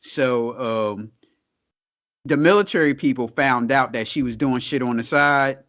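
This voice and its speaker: A man's voice: medium pitch, measured pace, fairly bright tone. A man co-hosting a podcast in casual chat, laid-back, asking short questions and laughing often. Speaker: podcast co-host. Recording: dull lo-fi sound.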